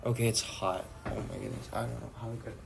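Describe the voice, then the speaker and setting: A man's voice: fairly low pitch, fairly even intonation, fast, vocal fry, background noise. A young man from Canada with a Canadian accent, chatting playfully and loosely with viewers on a livestream, drifting from topic to topic. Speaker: idol livestream host. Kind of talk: casual livestream chat with viewers. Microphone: phone livestream.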